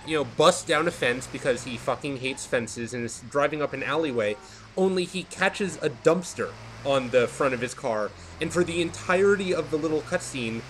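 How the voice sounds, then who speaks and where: A man's voice: medium pitch, a little hiss or hum. A man giving casual commentary over a video game, rambling and losing his train of thought. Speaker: let's play commentator.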